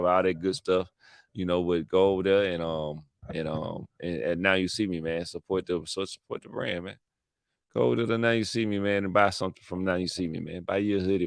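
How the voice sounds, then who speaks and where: Male host, casual rambling monologue, slangy and repetitive, forceful tone. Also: deep voice, smooth, dry recording, studio quality. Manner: slangy, repetitive, playful hype. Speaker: channel host.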